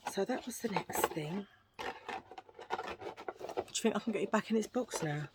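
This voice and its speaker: In heavy background noise, a middle-aged woman vlogger jokes and meanders through her shopping finds for her viewers. Her voice is medium in pitch, expressive, and moderately paced.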